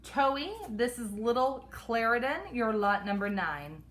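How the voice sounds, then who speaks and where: A woman co-hosting a live pigeon auction, briskly listing each bird's pedigree. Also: a little high, fairly bright tone. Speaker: auction co-host.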